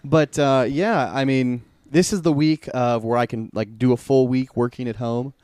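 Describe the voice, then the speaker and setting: Smooth-voiced young man hosting a podcast. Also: mid-range voice, steady tone, moderate pace, a little mellow, no echo. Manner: easygoing, rambling, laughs often. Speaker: podcast host. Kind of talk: casual chat. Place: home bedroom studio.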